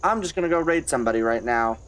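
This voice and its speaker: A man's voice: mid-range voice, lively intonation, fast, a bit bright, slight background noise. A man streamer ending his stream, stressed and irritated, talking to himself as he sets up a raid. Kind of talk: casual live-stream sign-off.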